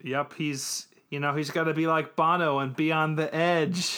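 A man's voice: a little high, fairly even intonation, normal speed, hardly any pauses, sharp tone, clear, resonant tone. A man casually recapping an anime episode on a podcast, loose and joking, with plenty of ums and restarts. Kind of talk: casual chat.

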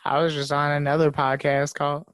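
A man's voice: on the high side, completely flat delivery, a little fast, fairly bright tone, clear, resonant tone, no echo. A young man hosting a casual podcast chat, laid-back and swearing freely, often repeating words as he starts a sentence. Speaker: podcast host.

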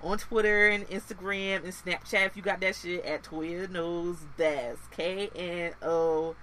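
A woman co-hosting a podcast, ranting casually in a blunt, profane, animated way. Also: lowish voice, unhurried, slight background noise. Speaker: podcast co-host.

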